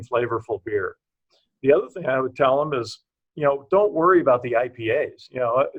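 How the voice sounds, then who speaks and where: Blunt male brewer with a dull, muffled sound. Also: medium pitch. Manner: blunt, plain-spoken, dry humor. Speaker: brewery founder, interview guest. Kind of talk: casual interview answers.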